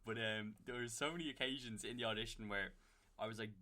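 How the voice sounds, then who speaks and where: A young man with a Dublin accent, a guest on a podcast, telling stories in a relaxed way with plenty of fillers. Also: fairly low pitch, fast, slight background noise. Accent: Dublin Irish. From Ireland. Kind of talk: casual chat.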